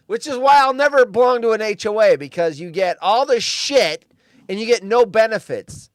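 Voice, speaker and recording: A man with a high, smooth, resonant voice, recorded close and dry. He talks bluntly in casual chat, swears freely and raises his voice when he quotes himself. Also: lively intonation, fairly quick, dry recording. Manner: blunt and profane, loud when quoting himself. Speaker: podcast co-host.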